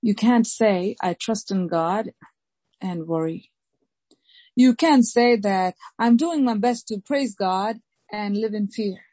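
A woman pastor preaching a sermon slowly and emphatically, repeating key phrases and reading scripture aloud. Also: mid-range voice, mellow, no echo, rough recording. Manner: slow, emphatic preaching with deliberate repetition.

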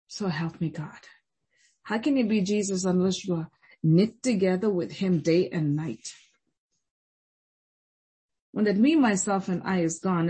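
A woman preaches a sermon, pressing her point through repeated phrases and a string of questions. Her voice is breathy and sits at a middle pitch, with no sharp edge to it. She speaks as a pastor. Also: rough recording.

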